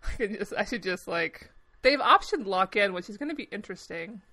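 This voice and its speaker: A young woman co-hosting a podcast, telling stories in a rambling, animated way with frequent swearing. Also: mid-range voice, fairly quick. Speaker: podcast co-host. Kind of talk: casual chat.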